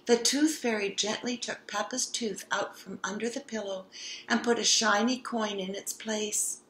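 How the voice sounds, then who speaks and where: A woman reading a children's picture book aloud with expressive narration. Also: mid-range voice, normal speed. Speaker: storybook reader. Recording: roomy echo.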